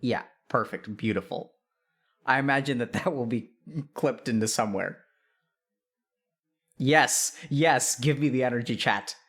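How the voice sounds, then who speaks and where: A man's voice: medium pitch, measured pace, long pauses, a bit bright. A man hosting a livestream as a psychiatrist, chatting casually and playfully with his viewers. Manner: playful, upbeat, talks directly to chat. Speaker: streamer and psychiatrist host.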